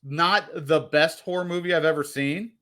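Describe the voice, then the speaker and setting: A man with a voice pitched a little above the usual, chatting loosely on a movie podcast. He rambles and drifts into jokes as he makes his point. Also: normal speed, sharp tone. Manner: rambling, jokey. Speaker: podcast co-host. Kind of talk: casual movie discussion.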